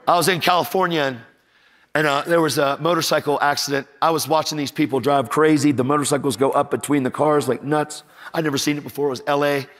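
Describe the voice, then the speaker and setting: Speaking fast in a fairly high-pitched voice, a middle-aged preacher delivers a sermon built on stories. He's energetic, performs the quoted voices himself, and trades jokes with the congregation.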